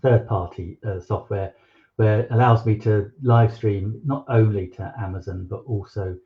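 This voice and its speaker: A man's voice: lowish voice, steady tone, normal speed, dull audio. A man hosting a live cooking stream, chatting casually with many fillers and restarts.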